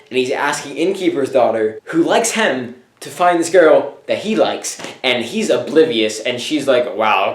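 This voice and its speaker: A man with an ordinary mid-range voice tells a story in a loose, joking way, packed with fillers and quick throwaway impressions of characters. The sound bounces around a roomy, echoey space. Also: medium pitch. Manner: rambling, filler-heavy, slips into offhand character voices. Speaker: vlog host reviewing a musical. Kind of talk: casual humorous plot recap. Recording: echoey room.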